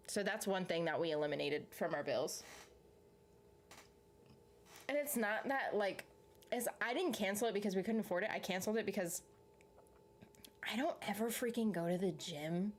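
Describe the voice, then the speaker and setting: Woman vlogger, mid-range voice, relaxed rambling chat with fillers. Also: mid-range voice. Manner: chatty, rambling with fillers and restarts. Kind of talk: casual chat.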